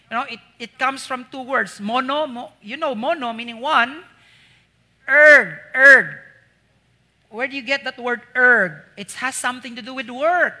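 A man's voice: very high voice, bright, forceful tone. A man with a Filipino accent preaching a sermon. He teaches step by step, asks the congregation questions, repeats key words, and rises sharply on emphatic points. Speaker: pastor.

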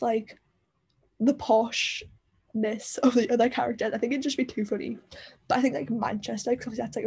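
A woman's voice: a little high, gravelly, a little mellow, slightly rough. A young woman with a Northern English accent hosting a solo book-club podcast, gushing and rambling with lots of fillers. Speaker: podcast host.

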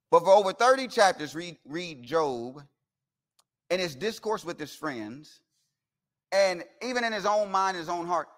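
High-voiced man preaching a folksy sermon. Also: a bit bright. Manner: folksy, humorous storytelling with quoted voices. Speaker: guest preacher. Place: church sanctuary.

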